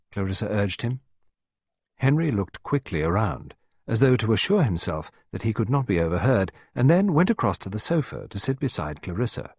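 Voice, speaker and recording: A man reading a story aloud in a measured, low-key narrating voice. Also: expressive, darkish tone, breathy edge, no echo, studio quality. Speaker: audiobook narrator. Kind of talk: scripted narration.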